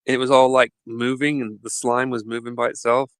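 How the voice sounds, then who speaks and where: A man hosting a podcast, chatting casually and telling animated stories with frequent laughter. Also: mid-range voice, moderate pace, dry recording. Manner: animated storyteller, laughs often. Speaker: podcast host. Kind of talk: casual chat.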